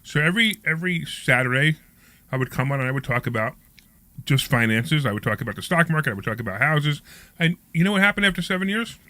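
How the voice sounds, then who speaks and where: A fast-talking male radio host with a bright, forceful voice that swings up and down a lot. He jokes and pushes his listeners, in casual talk-show banter on a studio mic. The sound is close and dry. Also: fairly high pitch, no echo. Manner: jokey, animated, pushy with listeners.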